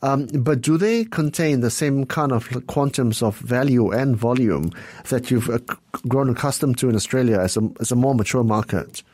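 A man's voice: mid-range voice, lively intonation, moderate pace, darkish tone, dry recording. A man hosting a business interview, putting direct, pointed questions to his guest. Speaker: interviewer host.

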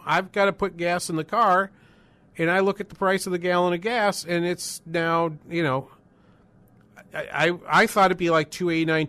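A man's voice: high voice, pushed and bright. A man in his sixties from northern New England, hosting a call-in radio talk show in a casual, rambling way with many fillers and restarts.

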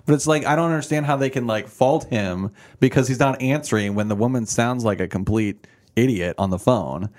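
A man co-hosting a casual podcast chat in a podcast room, talking in an animated, rambling way and acting out the people he quotes. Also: mid-range voice. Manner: animated, acts out quoted voices, fast rambling. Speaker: podcast co-host.

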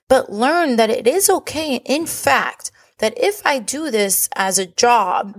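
A woman hosting a podcast, telling a personal story in a candid, profane, confessional way. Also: fairly high pitch. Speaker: podcast host.

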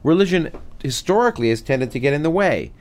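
A middle-aged man, a physicist guest, talking animatedly in an interview with many restarts. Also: fairly high pitch. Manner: animated, many restarts, reads a passage slowly. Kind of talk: conversational interview.

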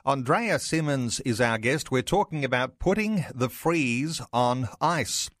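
A man hosts a talkback radio show, reading the phone number and introducing his guest. His announcing is smooth and even, and his voice sounds close and dry, with no room around it. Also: mid-range voice, a little slow, dry recording. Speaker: radio host.

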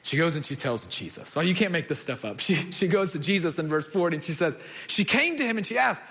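A man preaching a sermon, telling stories with animated delivery and acting out the people he quotes. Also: a little high, fast talker, few pauses. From United States. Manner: animated storytelling, acts out quoted voices. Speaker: pastor.

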